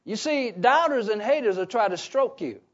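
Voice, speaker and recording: Guy preaching a bible lesson, high voice, keeps asking "what?" for the crowd to finish, dull lo-fi sound. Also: animated, normal speed. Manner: leaves gaps with "what?" for listeners to fill in; emphatic, repeats key phrases. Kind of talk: Bible teaching sermon. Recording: dull lo-fi recording.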